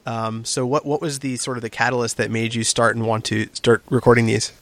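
A man hosting an interview, relaxed and enthusiastic, reading out fan questions and chatting. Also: medium pitch, brisk, no room sound. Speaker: interview host. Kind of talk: casual interview chat.

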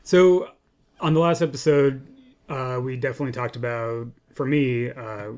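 A man co-hosting a podcast about game design, explaining in a relaxed, conversational way full of "like" and "you know". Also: mid-range voice, moderate pace. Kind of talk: casual design discussion.

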